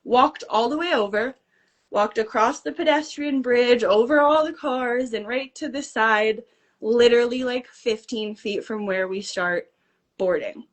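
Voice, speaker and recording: A woman guest recounting a story with lively energy, her voice on the higher side. She slips into the voices of the people in the story as she talks. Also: a little slow. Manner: animated, acts out dialogue. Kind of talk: casual storytelling.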